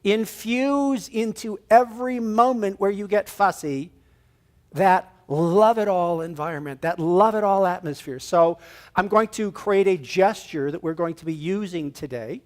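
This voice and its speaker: High-voiced man giving an animated sermon. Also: measured pace. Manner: animated, acts out little scenes and leads the audience in a gesture. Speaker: guest speaker at a church service. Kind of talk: inspirational sermon talk. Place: church room with an audience.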